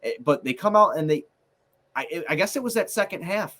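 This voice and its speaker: A man's voice: on the high side, expressive, a little fast, sharp tone. Ranting, profane man on a sports podcast. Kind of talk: heated casual chat.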